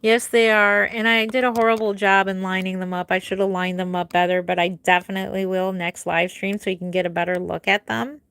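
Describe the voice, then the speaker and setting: A woman's voice: level tone, brisk, hardly any pauses, clean tone. A middle-aged woman who makes reborn dolls, chatting casually with viewers on a live stream from home and answering their comments one by one. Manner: chatty, answers viewers one by one, drifts soft and low at the ends of thoughts. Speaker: reborn doll artist hosting a live stream.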